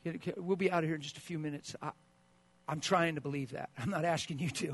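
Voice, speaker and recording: A man pastor preaching a sermon, swinging between hushed asides and loud bursts and acting out the quoted voices of spouses. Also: a little high, normal speed, long pauses, slightly rough, no room sound.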